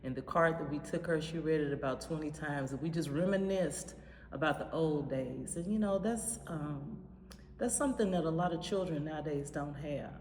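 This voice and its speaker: A woman with a very low voice fondly recalls the past in a relaxed, chatty interview, dotted with ums and uhs. Her words ring out with long reverb in a big, echoey room. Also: normal speed, a little hiss or hum. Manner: fond, chatty, with frequent fillers. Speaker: former pastor's daughter. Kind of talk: reminiscing interview.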